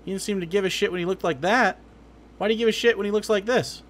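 A man's voice: high voice, fast, a bit bright. A man streaming reaction commentary on political clips, sarcastic and profane, growing heated.

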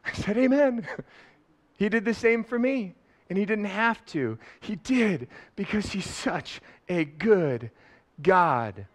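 Animated man preaching. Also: high-pitched, slow pace. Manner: animated, laughing, swings from loud to soft. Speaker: pastor. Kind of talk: sermon. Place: church sanctuary.

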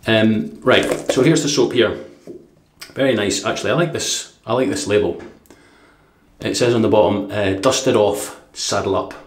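A man from Dundee, Scotland, with a lowish voice and moderate pace, is a shaving vlogger chatting casually through a product review. He rambles with fillers and chuckles, and the room sounds echoey.

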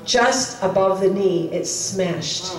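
A woman's voice: mid-range voice, takes it slowly. Woman, chapel storyteller, casual retelling with quoted dialogue, distant mic, roomy reverb. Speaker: speaker at a chapel service. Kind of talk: sermon storytelling. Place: chapel hall. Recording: echoey hall, voice from far off.

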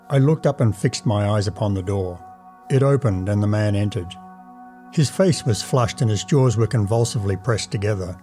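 A man reading a classic tale aloud in a measured, dramatic first-person narration. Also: on the low side, mellow. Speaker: audiobook narrator.

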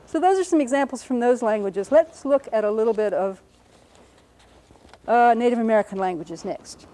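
A woman's voice: on the high side, expressive, warm tone, low-quality recording. A woman linguist explaining phonetic symbols, carefully sounding out words syllable by syllable. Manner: slow, careful demonstration of pronunciations. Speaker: linguist giving a talk.

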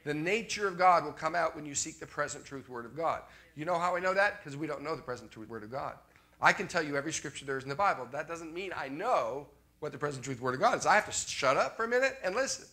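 Man, from Canada, preacher, sermon, conversational, repeats refrains, bright tense voice. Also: on the high side, lively intonation, fast talker.

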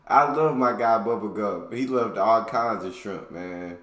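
A man's voice: fairly low pitch, unhurried, hardly any pauses, a bit bright. An American man hosting a reaction video, chatting casually and laughing along. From United States. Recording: roomy echoey room.

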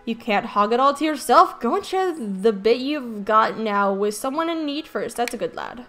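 A woman's voice: a little high, animated, moderate pace, bright, forceful tone. A woman voicing a cheeky little male fairy sidekick in a game, chummy and a bit scolding, over faint game music. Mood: chiding. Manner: chummy, scolding, calls the boy lad.

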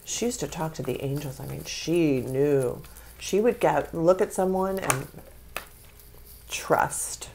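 A woman's voice: deep voice, measured pace, noisy background. A woman giving a tarot reading, speaking with spiritual feeling and emotion, close to tears. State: tearful. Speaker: tarot reader.

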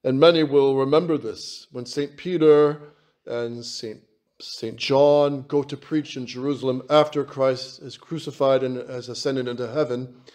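Man, priest, sermon, slow deliberate delivery, emphatic, repeats phrases, mid-pitched voice. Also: steady tone, a little mellow.

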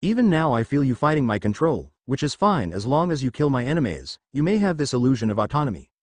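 A man's voice: medium pitch, very animated, fast, darkish tone, dry recording. A man reading Maleficent, a cold sorceress queen. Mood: scheming. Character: scheming possessive sorceress queen in a boy's body.

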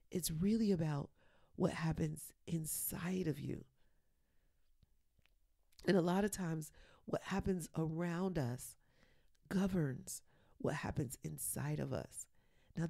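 A woman hosting a motivational podcast, talking earnestly and encouragingly, sometimes dropping to a soft whisper for emphasis. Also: on the low side, creaky, dry recording, clean studio sound. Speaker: podcast host and coach.

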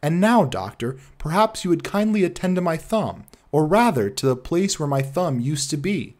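A man reading the part of a pale, shaken young engineer in an audiobook, his voice rising to high excited notes. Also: moderate pace.

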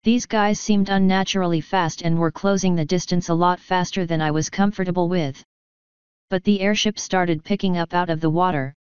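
A woman's voice: on the low side, normal speed, darkish tone, clean tone, dry recording. A woman steadily reading a first-person fan story aloud. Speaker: fanfiction reader. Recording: slightly muffled recording.

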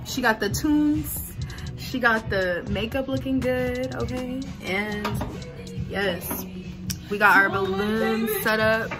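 Animated young woman vlogging over music. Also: fairly high pitch, slow pace. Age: 20s. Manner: animated storytelling, slangy, emphatic. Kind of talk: casual vlog chat to camera.

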